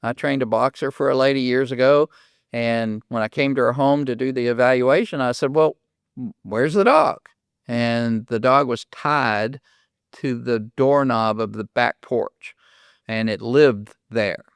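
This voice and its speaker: Older Oklahoma man with a smooth voice. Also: mid-range voice, fairly even intonation, unhurried, dry recording, studio quality. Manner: folksy storyteller, acts out dialogue. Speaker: podcast host and dog trainer. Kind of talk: casual podcast monologue with stories.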